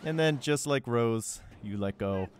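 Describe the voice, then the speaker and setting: A man's voice: medium pitch, animated, measured pace, faint music behind. A young man narrating a game walkthrough in a casual, joking way, with sarcastic asides. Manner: joking, sarcastic asides with goofy put-on quotes.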